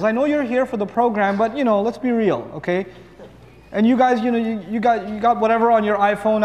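A man's voice: high-pitched, a little mellow, in a large hall. A man giving a sermon, talking casually and with humor, asking the audience questions and answering them himself. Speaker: preacher.

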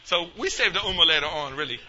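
A male imam gives a casual religious talk in storytelling style, acting out the people in his story and mixing street slang with Arabic religious phrases. His voice is on the high side, animated, fast and sharp in tone. The recording is dull and lo-fi, with slight background noise.

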